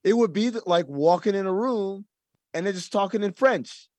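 A man's voice: high-pitched, moderate pace, darkish tone, no room sound. A man in casual conversation, explaining his views earnestly and making his point through comparisons. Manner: earnest, explanatory, uses analogies.

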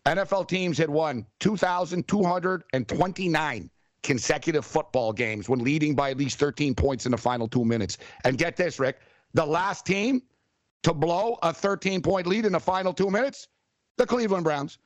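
A man co-hosting a casual sports talk show, telling stories in an animated, excitable way. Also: fairly high pitch, moderate pace, no echo.

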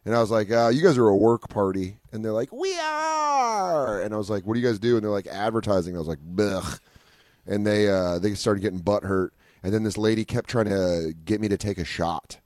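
A man's voice: lowish voice, no echo, clean studio sound. A man co-hosting a comedy podcast, casually telling profane road stories and acting out the people in them. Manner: crude and animated, acting out people in quick voices. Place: radio studio.

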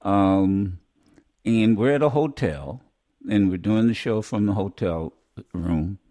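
Low mellow radio host man. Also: expressive. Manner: rambling, halting with many restarts. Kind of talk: casual on-air chat.

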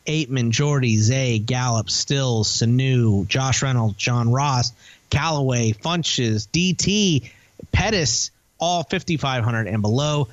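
A man's voice: mid-range voice, no room sound, lo-fi sound. Man rattling off fantasy football picks. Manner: rambling, teasing, lists names quickly. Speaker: podcast co-host. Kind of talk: casual fantasy football chat.

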